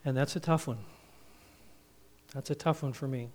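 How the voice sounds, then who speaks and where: A man preaching a Father's Day sermon, earnest and storytelling, his phrases trailing off softly. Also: medium pitch, steady tone, normal speed. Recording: reverberant hall, speaker a bit off-mic.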